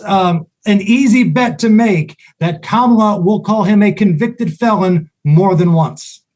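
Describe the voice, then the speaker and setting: A man's voice: high-pitched, darkish tone. A man hosting a podcast in casual chat, confident and punchy, with folksy sayings. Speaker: podcast host.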